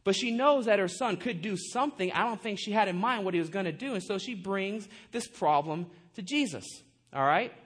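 A pastor with a husky, light, high-pitched voice for a man delivers a lively, conversational sermon. He frequently turns to the congregation with quick asides and rhetorical questions.

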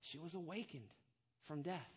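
A pastor preaching a sermon, telling a story and acting out the voices of the people in it, building to loud, emphatic points. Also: male voice, a little high, lively intonation, moderate pace, breathy edge.

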